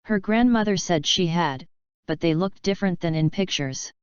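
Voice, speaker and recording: A woman reading English story passages aloud slowly and carefully, like a tutor. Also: lowish voice, clear, resonant tone, dry recording, muffled recording. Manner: careful, even read-aloud.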